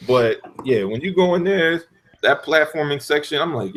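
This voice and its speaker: A man on a gaming podcast telling animated stories in casual talk, with frequent cursing and loud outbursts. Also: on the high side, normal speed, slight background noise. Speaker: podcast panelist.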